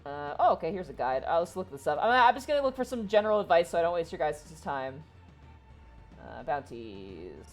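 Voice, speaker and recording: Chatty lady gamer reading game text out loud, bouncy pitch, some game music low behind. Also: big pitch swings, brisk. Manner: reads game text aloud, swears casually. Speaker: streamer. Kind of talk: casual let's-play commentary.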